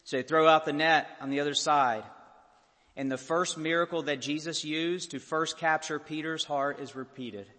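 A man preaching a sermon as a pastor, impassioned and building to loud peaks. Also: a little high, steady tone, normal speed. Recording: long hall reverb.

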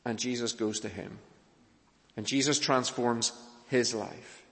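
A man preaching a sermon in a church, earnest, pressing hard on key points and then falling soft and low. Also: unhurried, creaky. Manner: earnest, rising to urgent emphasis then dropping soft. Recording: long reverb of a church hall.

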